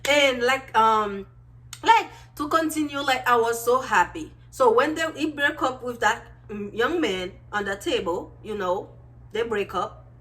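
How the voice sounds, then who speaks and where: A woman's voice: on the high side, measured pace. Bubbly young woman gushing about a movie. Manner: gushing, animated, many fillers and exclamations. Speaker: vlogger reviewing a movie. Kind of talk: excited casual movie review.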